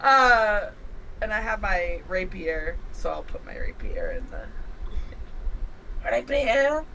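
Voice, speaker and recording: A woman chatting casually as a player in a tabletop game, giggly and thinking out loud. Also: fairly low pitch, animated, slow pace, vocal fry, a little hiss or hum, low-quality recording.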